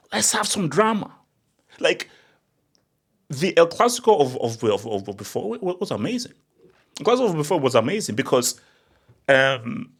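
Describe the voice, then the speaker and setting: Animated man ranting about football. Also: fairly low pitch. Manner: animated, excitable, with repeated restarts and rising outbursts. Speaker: football channel host. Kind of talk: casual opinion monologue.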